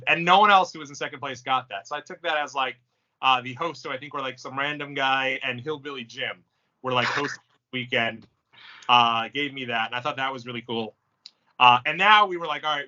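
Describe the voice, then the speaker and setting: A man hosting a casual podcast chat, telling stories with lots of energy, laughing often and acting out the lines of the people in them. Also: medium pitch. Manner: animated storyteller, laughs often, acts out quoted lines. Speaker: podcast host. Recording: dull lo-fi sound.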